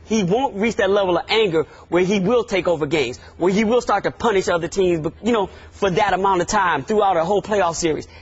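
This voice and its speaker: Sports debate co-host, male, husky high voice, emphatic, dull lo-fi audio. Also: brisk, hardly any pauses. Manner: animated, emphatic, repeats phrases.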